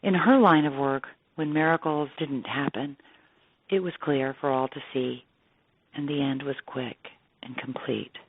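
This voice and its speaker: An actress reading a literary essay aloud in a measured, expressive narration. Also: female voice, extremely low pitch, breathy edge, no echo. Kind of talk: scripted narration. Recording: tinny phone-like dry sound.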